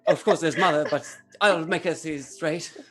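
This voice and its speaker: A man's voice: on the high side, normal speed, bright, forceful tone. A man voicing a nervous, earnest bachelor suitor proposing marriage in a tabletop role-play.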